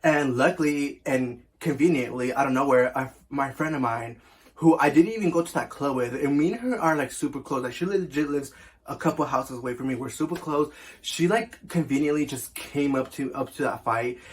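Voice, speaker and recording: A man's voice: medium pitch, a little fast. A young man telling a casual storytime as a vlogger, chatty and full of fillers, swearing often.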